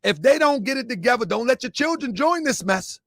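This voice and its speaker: A man with a very high voice talks in a lively, swooping way through a mocking commentary. He asks rhetorical questions and laughs often. The sound is close and dry. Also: fairly quick, no echo. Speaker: online commentator.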